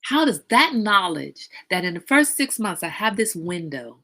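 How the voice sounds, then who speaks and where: Outspoken bright-voiced woman host. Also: normal speed. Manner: outspoken, animated, breaks into high sing-song baby voices. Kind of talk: casual livestream talk.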